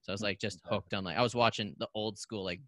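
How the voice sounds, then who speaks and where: Animated Canadian-raised man, low bright voice. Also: fast, no room sound, clean studio sound. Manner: animated, acts out voices in anecdotes. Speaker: podcast guest, actor. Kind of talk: casual storytelling.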